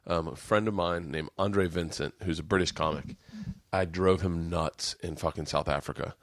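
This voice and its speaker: Man, podcast host, casual chat, rambling, swearing, lower voice, dry close sound. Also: steady tone, moderate pace, no room sound. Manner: rambling, swears often, restarts a lot.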